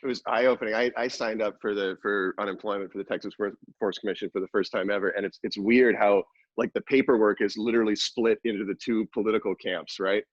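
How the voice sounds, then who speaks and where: A man's voice: on the low side, fairly even intonation, quick pace, no room sound, highs cut off. A man in casual podcast chat, rambling with many fillers and restarts.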